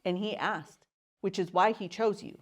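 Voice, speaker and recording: A woman's voice: medium pitch, steady tone, normal speed. A woman hosting a casual chamber of commerce podcast, teasing her guest and prompting him to fill in details of his story. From Southern California. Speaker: podcast host. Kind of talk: casual interview.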